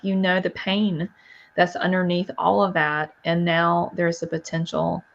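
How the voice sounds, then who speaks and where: Woman, podcast co-host, encouraging, gravelly, dull lo-fi sound. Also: fairly low pitch. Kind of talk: casual conversational interview.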